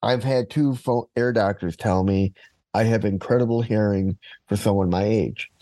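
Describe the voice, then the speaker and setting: A man's voice: lowish voice, steady tone, moderate pace, warm tone, dry recording. A man hosting a podcast, telling a personal story step by step in casual conversation. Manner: storytelling, narrates events step by step. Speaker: podcast host.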